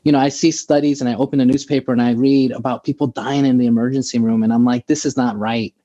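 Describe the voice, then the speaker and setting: An eager American man, a doctor, speaks at a webinar in short punchy phrases and piles up examples. His voice sits mid-range and sounds warm and mellow. The lo-fi audio is a little muffled, as if it comes over a video call. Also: medium pitch, level tone, fast talker. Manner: enthusiastic, anecdotal, speaks in short emphatic phrases. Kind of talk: webinar talk.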